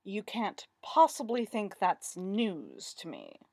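A woman's voice: mid-range voice, huge pitch swings, slow pace, a little mellow, no room sound, full character voice. A woman voicing a condescending, demanding male theatre director in a story reading, with a dry close sound. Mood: blunt. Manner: condescending, self-important.

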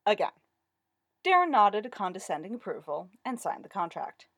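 A woman narrating a story aloud in an expressive, wry reading style. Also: medium pitch, moderate pace, dry recording, clean studio sound.

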